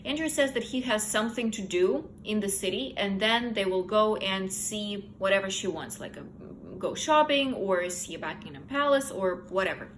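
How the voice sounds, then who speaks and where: A woman's voice: medium pitch, moderate pace, few pauses, a little hiss or hum, rough recording. A young woman casually recapping a novel's plot in her own words, candid and opinionated. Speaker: book reviewer. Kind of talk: casual book review chat.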